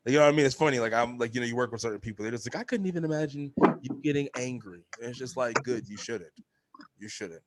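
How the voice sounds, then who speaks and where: A young man hosting a casual podcast, telling animated stories, swearing freely and acting out quotes in a high voice. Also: fast. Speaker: podcast host. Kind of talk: casual chat.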